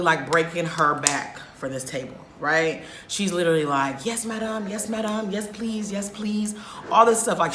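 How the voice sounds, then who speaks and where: Woman vlogger with a bright voice, animated storytime delivery and frequent swearing, in an echoey room. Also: sits low, slight background noise. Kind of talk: storytime vlog.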